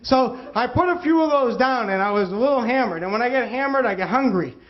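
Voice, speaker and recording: A man in his thirties from the United States telling a personal story in an animated way, acting out the voices of the people in it. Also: extremely high pitch, quick pace, lo-fi sound. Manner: animated, acts out quoted voices. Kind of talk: storytelling monologue.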